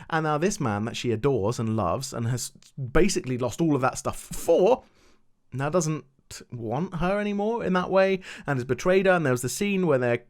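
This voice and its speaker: A man rambling through a TV episode recap, animated and swearing freely with lots of "anywho"s. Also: medium pitch. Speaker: YouTube TV reviewer.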